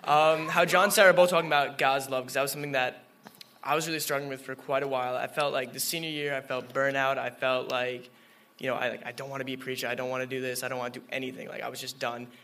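A man's voice: mid-range voice, level tone, fast talker, sharp tone, a little hiss or hum. A man who preaches, sharing his story casually and hesitantly, searching for how to put things. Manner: hesitant, groping for words. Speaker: student preacher. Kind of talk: casual personal testimony.

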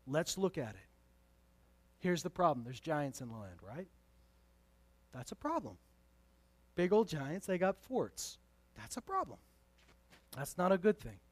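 High voiced guy preaching, dry close mic, gets loud then goes quiet and jokey. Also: no room sound. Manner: emphatic, swings from loud to hushed; conversational and playful asides. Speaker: pastor. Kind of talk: sermon.

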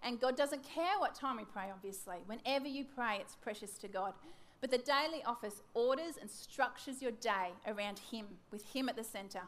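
A woman's voice: on the high side, normal speed, hardly any pauses. A woman in her thirties giving a devotional teaching talk, candid and self-mocking, acting out her own wandering thoughts. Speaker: church teacher.

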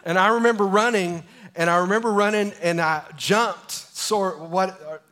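A man in his forties preaching a sermon as pastor, telling stories with energy and then dropping to a hushed, earnest tone. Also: sits high, unhurried. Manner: animated storytelling, swinging from loud to hushed. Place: church.

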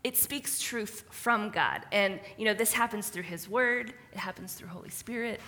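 A woman's voice: medium pitch, animated, normal speed, pushed and bright. A female pastor co-leading a sermon, affirming her partner and laying out points as short lists. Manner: affirming, list-like delivery. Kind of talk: co-led sermon. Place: church sanctuary. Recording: long hall reverb.

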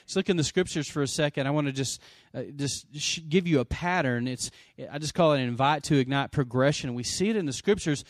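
A man preaching a sermon, calling for amens and swinging from loud exclamations to quiet asides. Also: on the high side, a little fast, no echo, clean studio sound. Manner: calls for audience response. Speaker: pastor.

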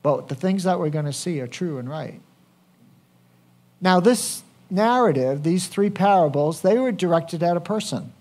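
A man's voice: high voice, lively intonation, moderate pace, a little mellow. A man preaching a sermon, speaking conversationally and asking the congregation questions. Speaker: pastor.

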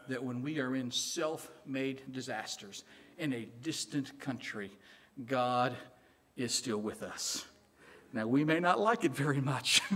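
A man from Illinois with a Southern accent, preaching a sermon in an animated, joking way, dropping quiet for emphasis. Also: medium pitch. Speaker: pastor.

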